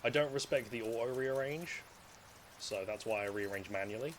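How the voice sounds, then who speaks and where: A man streaming a video game, chatting to himself and his viewers in a loose, rambling way. He jokes and swears freely as he plays, in a voice of ordinary middle pitch. A faint ambient hum sits under the voice. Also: normal speed. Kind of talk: casual live gameplay commentary.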